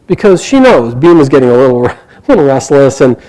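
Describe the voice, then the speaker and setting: A man telling a myth aloud to a live group, animated and chuckling along with the story. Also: medium pitch, a little fast, poor audio.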